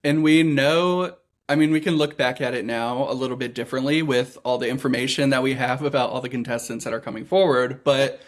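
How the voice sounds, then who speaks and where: An interviewer speaking in a measured, reflective manner while setting up a question for a guest. The voice sits at a plain middle pitch and keeps an even conversational tone. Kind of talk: interview questions and back-channel replies.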